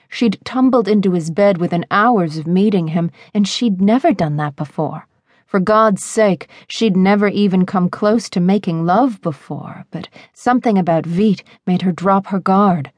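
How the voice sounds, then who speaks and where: A woman narrating a romance audiobook in a measured, expressive reading on a close studio mic. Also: mid-range voice, no room sound.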